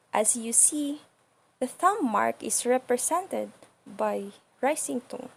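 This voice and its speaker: A woman with as her explains sounds one by one in an unhurried instructional style. Her voice sits a little high and carries a soft, breathy quality. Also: lively intonation. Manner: patient, demonstrates sounds slowly and repeats them. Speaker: language teacher. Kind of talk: slow instructional lesson.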